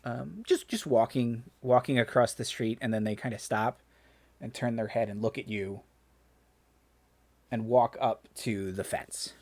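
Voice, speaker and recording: Dude dm-ing a tabletop game, lots of ums and restarts, average-pitched voice. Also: male voice, a little slow, a little mellow. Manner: hesitant, full of fillers and restarts. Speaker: dungeon master.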